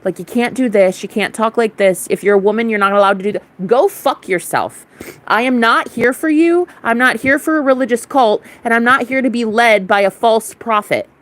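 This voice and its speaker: A young woman talks straight to her viewers in a casual spiritual rant. Her voice sits a little high, and she is blunt and defiant, swearing freely as she goes. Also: moderate pace, a bit bright. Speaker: spiritual vlogger.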